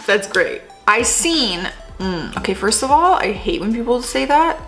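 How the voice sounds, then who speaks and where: A woman with a slightly high, bright voice talks through a casual reaction video. Her delivery is sassy and playful, swooping widely in pitch and often breaking into laughter. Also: big pitch swings, normal speed, soft background music. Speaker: host reading and reacting to text messages.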